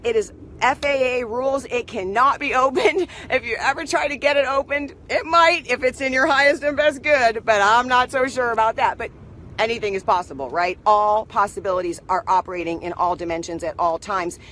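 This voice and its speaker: A woman telling a story in a casual spiritual pep talk, animated and constantly checking in with the listener. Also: fairly high pitch, fairly quick. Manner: animated, keeps asking "right?". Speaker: motivational speaker.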